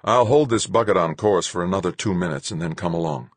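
A man's voice: low voice, fast talker, slightly rough, no echo. A man voicing a tough female ship captain who gives curt orders. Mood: commanding. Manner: curt, commanding.

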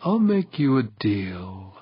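A teasing, seductive woman murmurs close and soft, as a male narrator puts her on in an audiobook. Her words come slow and breathy, with a husky edge. The recording sounds a little dull and dry. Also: fairly low pitch, no room sound. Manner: soft, murmured, partly whispered. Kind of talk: audiobook character voice.

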